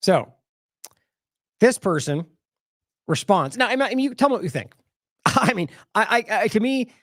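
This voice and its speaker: A man hosts a commentary show in a raised, lively voice, picking apart clips with skeptical asides and frequent restarts. His delivery swings up and down as he mocks what he quotes. The sound is dry and close. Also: high-pitched, dry recording. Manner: animated, skeptical, many restarts and mocking quotes. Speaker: host of an independent news commentary show. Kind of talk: casual commentary on video clips.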